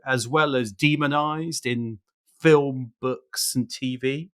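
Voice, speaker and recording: A man's voice: medium pitch, steady tone, slow pace, a bit bright. A British man co-hosting a podcast. He talks in a conversational way and stresses key words, sometimes lingering on them. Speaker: podcast co-host.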